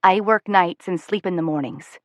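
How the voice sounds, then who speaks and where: A woman's voice: lowish voice, normal speed, no echo, lightly acted. A woman voicing an earnest young man. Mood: calm. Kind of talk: audiobook character voice.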